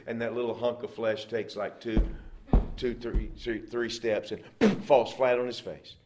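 A man's voice: mid-range voice, steady tone, moderate pace, noisy background. Emphatic male preacher in an echoey room. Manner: emphatic preaching, swinging from loud exhortation to hushed asides. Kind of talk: sermon.

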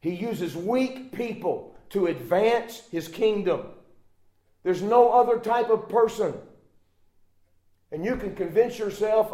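A man's voice: high voice, very animated, measured pace. Emphatic male preacher in an echoey room. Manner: emphatic preaching, swinging from loud exhortation to hushed asides. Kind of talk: sermon.

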